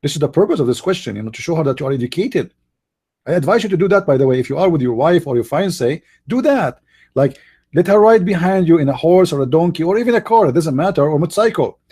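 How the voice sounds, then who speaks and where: A man hosting a live debate show, speaking in a sarcastic, mocking way, somewhat hoarse and coughing now and then, with slightly non-native English phrasing. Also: a little high, expressive, quick pace, warm tone. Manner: mocking, sarcastic, mimics voices.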